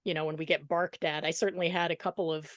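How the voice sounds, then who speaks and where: A woman's voice: sits low, flat delivery, fast talker, no room sound. Sympathetic woman host, dry close sound. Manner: sympathetic, laughs often. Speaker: podcast host. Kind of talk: interview conversation.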